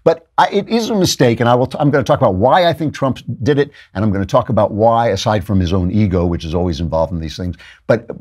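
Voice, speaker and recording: Husky, sarcastic male commentary host. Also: lowish voice. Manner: sarcastic, animated. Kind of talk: political commentary monologue.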